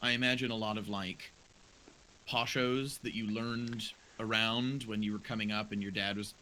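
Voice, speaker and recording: Bright-voiced man running a tabletop game. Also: fairly low pitch, normal speed, a little hiss or hum, rough recording. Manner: relaxed, rambling narration with fillers. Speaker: game master.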